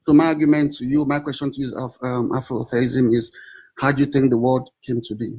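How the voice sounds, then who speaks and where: A man's voice: mid-range voice, level tone, a little fast, darkish tone, husky. Argumentative man pleading to be heard. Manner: argumentative and pleading, restarts and repeats himself. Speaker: caller in a debate. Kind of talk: live audio-room debate.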